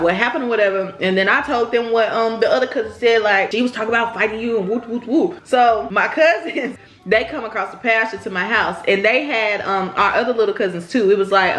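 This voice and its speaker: A woman's voice: medium pitch, fairly bright tone. Chatty young woman telling a story. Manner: chatty, rambling, addresses viewers directly. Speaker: vlogger. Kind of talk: casual storytime. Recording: roomy echo.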